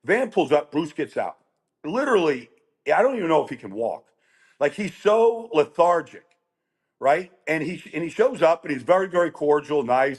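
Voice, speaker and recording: Middle-aged male guest, chatty and rambling, a touch high-voiced. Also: normal speed, breathy edge. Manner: animated, rambling with restarts and quoted voices. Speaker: guest storyteller. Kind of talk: casual storytelling chat.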